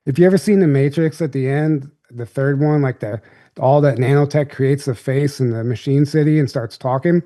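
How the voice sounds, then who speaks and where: A young man talks as a podcast guest, telling his story in a loose, casual ramble. His voice sits at an ordinary middle pitch with a soft, mellow, warm tone. The delivery is relaxed and unscripted. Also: normal speed.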